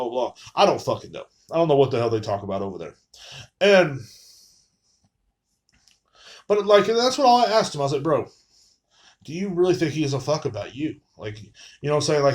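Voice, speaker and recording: Rambling, profane man. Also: medium pitch. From Texas. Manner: profane, rambling, lots of fillers. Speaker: podcast host. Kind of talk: casual ranting monologue.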